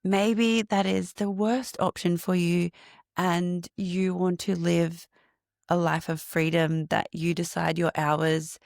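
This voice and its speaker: A woman hosting her own podcast, reflecting on healing and breathwork, laughing often and slowing into a guided meditation. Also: fairly low pitch, creaky, no room sound, clean studio sound. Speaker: podcast host and breathwork coach.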